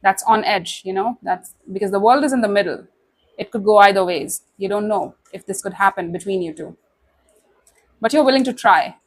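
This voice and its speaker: A woman's voice: mid-range voice, moderate pace. A woman giving a tarot reading straight to the listener, speaking in an emotive way with many asides. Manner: warm, emotive, speaks directly to the listener with many "you know"s. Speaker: tarot reader. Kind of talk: casual tarot reading to camera.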